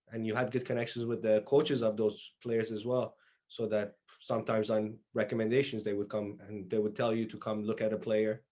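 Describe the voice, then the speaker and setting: A man's voice: mid-range voice, dark tone. A man interviewing a coach over a video call, asking questions and agreeing often. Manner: agreeable, affirms a lot.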